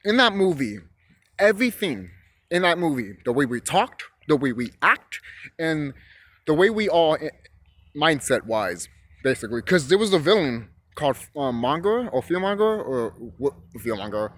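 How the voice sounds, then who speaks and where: A man's voice: fairly high pitch, very animated, normal speed, fairly bright tone. A young man talking casually, rambling and swearing, shivering a bit from the cold outdoors. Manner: rambling, profane and emphatic, with restarts. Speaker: vlogger. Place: outdoors on a chilly hillside.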